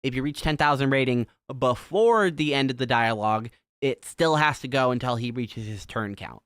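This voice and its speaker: A man's voice: mid-range voice, normal speed, fairly bright tone, smooth, dry recording, studio quality. A man hosting a casual chat, explaining a video game's events step by step. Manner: explanatory, walks through game events step by step. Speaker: podcast host.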